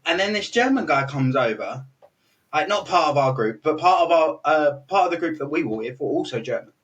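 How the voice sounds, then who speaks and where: A young British man, a podcast host, telling an animated story in casual chat, laughing often and restarting his sentences. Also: a little high, brisk, recorded from a distance. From Britain.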